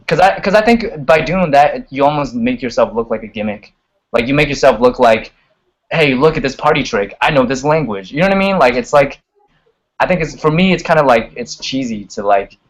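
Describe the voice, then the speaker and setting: A man's voice: mid-range voice, low-quality recording. A young man chatting casually as a guest on a video call, full of "like" and "you know", swearing freely. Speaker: guest singer and rapper.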